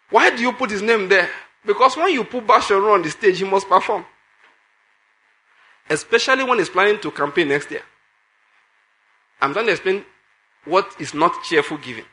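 A male preacher with a high, bright, forceful voice. He preaches emphatically, circling back to repeated phrases and throwing questions at the congregation. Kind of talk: sermon.

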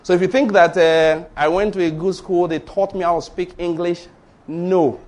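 A man's voice: high voice, fairly even intonation, normal speed, darkish tone. A middle-aged man with a Nigerian Yoruba accent, preaching a sermon in an emphatic storytelling way. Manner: storytelling, emphatic, repeats points. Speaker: pastor.

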